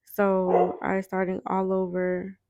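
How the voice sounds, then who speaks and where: A young woman vlogger recounting a painful personal loss, halting and repeating herself with many fillers. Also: medium pitch, completely flat delivery, muffled recording, noisy background. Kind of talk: emotional personal storytelling.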